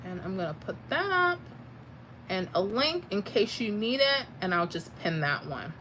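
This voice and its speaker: Lady on a livestream, bright chatty voice, reads comments out, a bit of noise behind. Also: mid-range voice, sing-song, moderate pace, low-quality recording. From Florida. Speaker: livestream host. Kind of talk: casual livestream chat.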